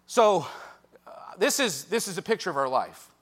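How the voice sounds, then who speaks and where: A man preaching a sermon to a youth group, lively and jokey with quick asides, speaking straight to the young listeners. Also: high-pitched. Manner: directly addresses young listeners.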